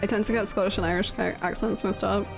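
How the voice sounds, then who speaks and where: A woman's voice: mid-range voice, fairly even intonation, fast, vocal fry. A woman streamer chatting casually and laughing at herself while she plays a video game, with game music behind. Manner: giggly, self-deprecating chatter.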